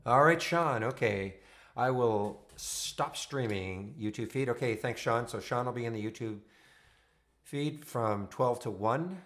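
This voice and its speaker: A man's voice: medium pitch, a little slow, fairly bright tone. A man with a mid-range voice comments live on the market, thinking aloud in a loose, running way. His voice carries the echo of a reflective room. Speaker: trading room host. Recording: echoey room.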